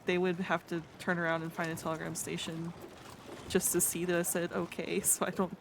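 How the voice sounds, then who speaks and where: A woman streamer roleplaying a chatty artist in a game, friendly and quick to laugh. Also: fairly low pitch, little pitch movement, creaky, background noise. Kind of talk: in-character roleplay chat.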